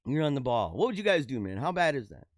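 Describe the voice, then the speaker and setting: A man's voice: mid-range voice, big pitch swings, fast talker, no room sound, clean studio sound. A middle-aged man hosting a show, giving rambling, joking commentary on the news and laughing often. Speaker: show host.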